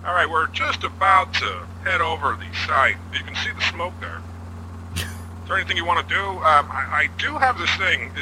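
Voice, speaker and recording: A man's voice: on the high side, lively intonation, extremely slow, few pauses, sharp tone, slight background noise, exaggerated voice, low-quality recording. A man putting on the voice of a chatty, bumbling male helicopter pilot who rambles and apologizes. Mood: rambling.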